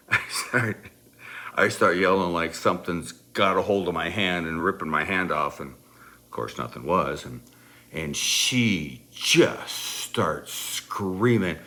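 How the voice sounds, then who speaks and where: A man's voice: rumbling low, bright, forceful tone. A middle-aged man telling a casual family anecdote in a rambling way, full of "you know" fillers and breaking into laughter. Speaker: storyteller.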